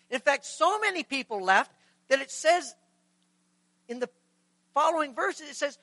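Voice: high voice, brisk, no room sound, low-quality recording. A pastor preaching a sermon in a conversational way, asking the congregation rhetorical questions and acting out scripture dialogue. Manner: acts out scripture dialogue in lively voices.

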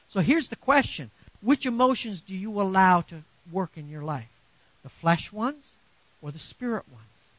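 A middle-aged male pastor preaching a sermon, animated and swinging from quiet asides to loud emphasis. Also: high voice, no room sound, highs cut off.

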